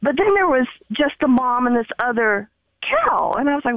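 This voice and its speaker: A woman's voice: sits high, moderate pace, dry recording. Woman caller on a muffled phone line. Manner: chatty, repeats herself, lively retelling. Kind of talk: casual phone-in storytelling.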